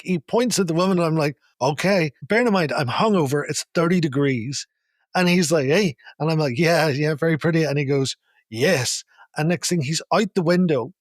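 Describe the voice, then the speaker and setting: A man co-hosting a podcast, telling an animated taxi story with laughs, in a casual chat. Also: on the high side, dry recording, clean studio sound. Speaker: podcast co-host.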